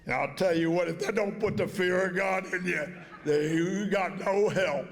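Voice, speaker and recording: High-voiced folksy older man. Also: normal speed, big-room sound. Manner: folksy, plain-spoken storyteller. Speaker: inductee giving a speech. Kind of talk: storytelling speech at an awards dinner. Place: banquet hall.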